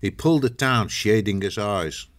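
A man narrating a fantasy audiobook in a measured, dramatic storytelling manner. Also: on the low side, expressive, fairly bright tone. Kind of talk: scripted narration.

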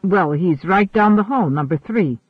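A man's voice: sits high, expressive, moderate pace, husky, dry recording. A man doing a folksy protective guard. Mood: reassuring. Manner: folksy, reassuring. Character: male security volunteer, friendly, protective. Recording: narrow phone-like sound.

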